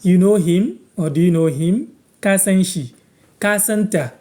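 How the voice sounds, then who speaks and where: A man from Ghana teaching words on a live stream, patiently repeating each phrase slowly for viewers. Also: high-pitched, darkish tone. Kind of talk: live-stream language lesson, answering viewers.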